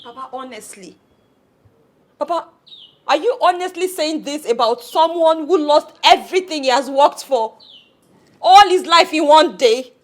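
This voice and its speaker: A woman's voice: very high voice, sing-song, normal speed, a bit bright, full character voice. A young woman with a Nigerian accent, playing a distraught fiancée and pleading in a wailing way in a film drama. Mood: indignant. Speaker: grieving fiancée. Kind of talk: film acting.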